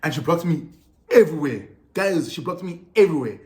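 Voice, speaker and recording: A young South African man telling a personal story to camera in a casual, animated way, heavy on slang and repeated phrases. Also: on the high side, brisk. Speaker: storytelling vlogger. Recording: roomy echo with faint music.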